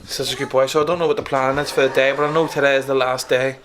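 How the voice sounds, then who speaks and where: A man's voice: mid-range voice, flat delivery, quick pace, a crowd in the background. A young man with a Northern Irish accent, chatting casually in a vlog, swearing often and calling the viewer mate. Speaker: fitness vlogger. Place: outdoors after the gym, then at home.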